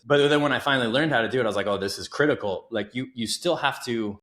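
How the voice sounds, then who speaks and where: A man's voice: medium pitch, quick pace. A man in his thirties, a coach talking as a podcast guest, telling stories earnestly and with emphasis. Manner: earnest storytelling, emphatic and animated. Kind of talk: casual interview conversation. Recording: roomy echo.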